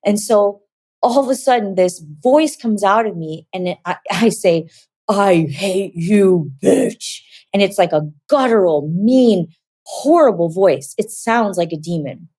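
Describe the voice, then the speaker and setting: A woman's voice: medium pitch, lively intonation, normal speed, a little mellow, no room sound. A woman giving a personal faith testimony, telling her story vividly, acting out the voices she quotes, and at times close to tears.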